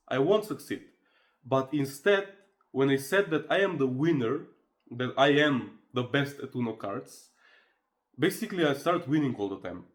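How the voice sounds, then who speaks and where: A man's voice: mid-range voice, lively intonation, moderate pace. A man speaking to camera in a casual, earnest motivational monologue, persuasive and loose with fillers. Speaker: motivational vlogger.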